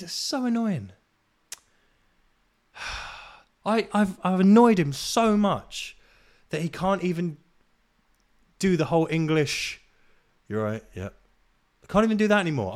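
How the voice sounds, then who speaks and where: A man hosting a solo podcast, ranting in a casual, exasperated way with plenty of swearing and self-deprecating laughs. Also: sits high. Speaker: podcast host.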